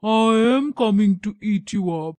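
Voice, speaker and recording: A woman's voice: mid-range voice, lively intonation, measured pace, darkish tone, dry recording. A woman voicing a horrible, hungry male troll who roars threats from under a bridge in a storybook reading. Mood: menacing. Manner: roaring, menacing.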